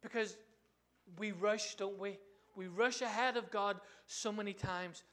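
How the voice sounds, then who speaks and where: High-voiced animated male preacher. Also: measured pace, a little hiss or hum. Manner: animated, asks the congregation questions. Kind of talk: sermon.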